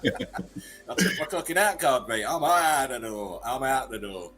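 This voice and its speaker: A man's voice: mid-range voice, expressive, a little slow, a bit bright, soft background music. A man casually reading memes aloud as host, laughing often between them.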